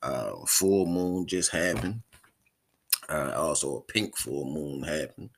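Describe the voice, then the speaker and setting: A man's voice: rumbling low, slow pace, slightly rough. A man hosting a podcast in a casual, rambling way, often repeating his words. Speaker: podcast host.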